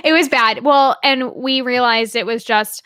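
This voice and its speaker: A woman's voice: on the high side, measured pace, pushed and bright, no echo, clean studio sound. A young woman co-hosting a podcast, telling travel stories in a casual chat and laughing often. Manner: chatty storyteller, laughs often. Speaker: podcast co-host.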